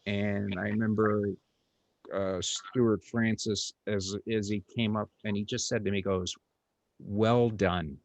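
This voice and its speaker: A man's voice: fairly low pitch, little pitch movement, a little slow, gravelly, dry recording. A middle-aged man, a comedian hosting an interview, telling a story in a casual, rambling way with lots of fillers, restarts and blunt, crude words.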